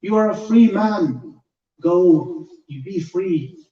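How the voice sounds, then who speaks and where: A compassionate, noble male leader , as a male preacher puts him on, tender and solemn in a fairly high voice. The recording is dull and distant, in a roomy echoing hall. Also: lively intonation, slow pace, mellow.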